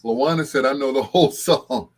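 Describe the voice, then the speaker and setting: An older man hosts a late-night show in a medium-pitched voice, talking fairly quickly. He chats casually and rambles, chuckling often and breaking into snatches of song.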